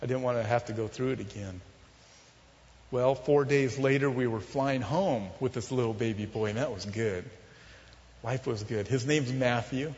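A man telling a personal testimony as a sermon, in an earnest, confessional storytelling manner that often drops soft and low. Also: moderate pace. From Southern California. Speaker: preacher telling his testimony. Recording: muffled, with long hall reverb.

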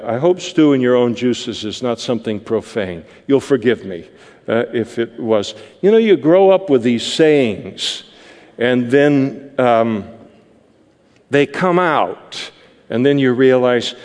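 Slow-speaking male preacher in a reverberant hall. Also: mid-range voice, darkish tone. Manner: conversational, explanatory. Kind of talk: verse-by-verse sermon.

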